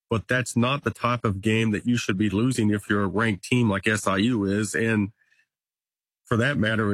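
Guest sports reporter, male, husky voice, dry sound, chatty and numbers-driven. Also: fairly low pitch, no echo. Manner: stat-heavy, conversational, occasional restarts. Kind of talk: casual sports analysis.

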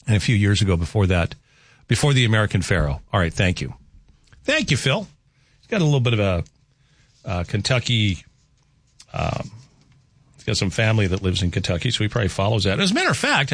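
A male morning radio host talks in a loose, rambling way and mocks himself. His voice swings lively up and down. The studio sound is close and dry. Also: no room sound. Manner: rambling, self-mocking, animated with pitch jumps. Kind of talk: casual radio chat. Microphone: studio microphone.

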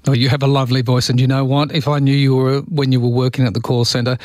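A man's voice: mid-range voice, level tone, fast, a little mellow, no echo, clean studio sound. A man hosting a talkback radio show, chatting jovially with callers and laughing easily. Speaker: radio host. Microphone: studio microphone.

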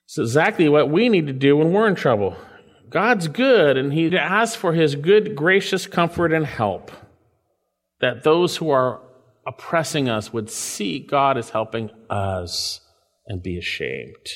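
A man preaching an expository sermon, reading scripture aloud and explaining it, his voice rising sharply for emphasis and dropping low and quiet. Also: a little slow, long reverb tail. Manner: animated, pitch swings up for emphasis then drops low. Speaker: pastor.

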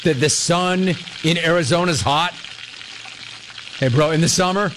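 A man's voice: on the high side, a little slow, long pauses, a bit bright, slight background noise. A man hosting a call-in sports radio show, talking in a brash, mocking way and laughing often. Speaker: radio sports talk host. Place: radio studio.

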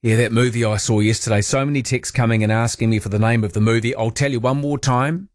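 A man hosting an overnight radio talk show in a relaxed, chatty way, reading listener texts aloud. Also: mid-range voice, quick pace, no room sound, studio quality. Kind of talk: casual late-night radio chat. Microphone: studio microphone.

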